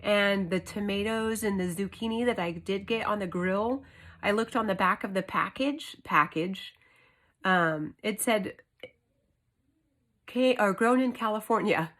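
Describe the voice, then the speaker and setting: At home, a homeschooling mother in her thirties tells a story to her camera in a casual vlog monologue. Her medium-pitched voice is unhurried yet earnest, emphatic, and animated.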